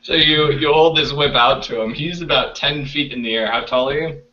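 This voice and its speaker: A man narrating as game master in loose, halting speech full of fillers, over a video call. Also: on the high side, sharp tone, a little hiss or hum. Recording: distant, dull lo-fi call audio.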